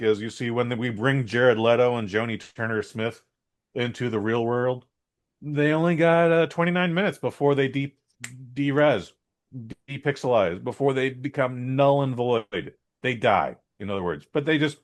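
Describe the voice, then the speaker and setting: A man co-hosting a podcast, giving a blunt, rambling and opinionated movie review in a casual chat. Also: medium pitch. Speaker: podcast co-host.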